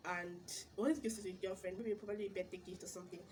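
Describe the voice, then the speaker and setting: A young woman with a Nigerian accent talks straight to camera in a chatty vlog. She tells her stories with bursts of exclamation and words repeated for emphasis. Her voice sits at a middle pitch over a faint background hiss. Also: steady tone, very fast. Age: young adult. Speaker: vlogger. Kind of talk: casual storytelling vlog.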